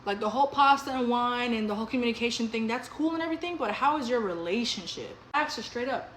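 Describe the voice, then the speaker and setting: A woman's voice: a little high, fast talker, a bit bright, echoey room, a little hiss or hum, poor audio. A woman telling a story in a casual storytime vlog, blunt and profane with punchy delivery.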